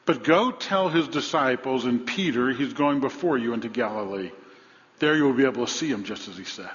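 A man's voice: expressive, fairly quick. Preaching man in a reverberant hall. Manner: dynamic preaching, rising to loud emphasis then dropping low and soft; storytelling with humor. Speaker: pastor. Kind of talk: sermon. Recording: dull sound with long hall reverb.

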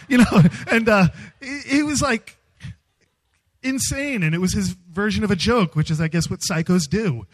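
A man speaking as a youth speaker, giving a humorous storytelling sermon in an animated, self-mocking way. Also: high-pitched, normal speed, poor audio.

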